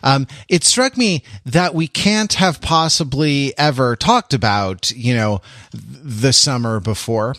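A man's voice: mid-range voice, slow pace, fairly bright tone, dry recording. Guy hosting a podcast, rambly, lots of uh and um, dry close sound. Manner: rambling, many fillers and restarts. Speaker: podcast host. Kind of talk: casual chat.

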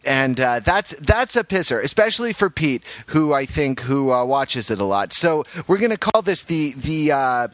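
A man hosting a podcast in casual banter, jokey and quick to slip into funny voices. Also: medium pitch, very animated, no room sound. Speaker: podcast host.

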